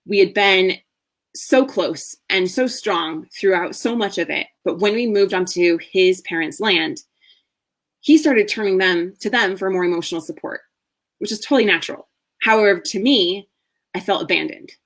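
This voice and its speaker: A woman in her thirties, a marriage coach, telling a candid personal story in a masterclass with earnest warmth and the odd soft laugh. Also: medium pitch, moderate pace. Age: 30s.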